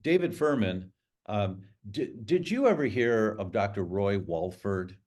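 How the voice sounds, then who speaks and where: A man's voice: lowish voice, expressive, measured pace, a little mellow. An older man, a guest, telling a personal story with emotion and acting out the dialogue. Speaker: guest speaker.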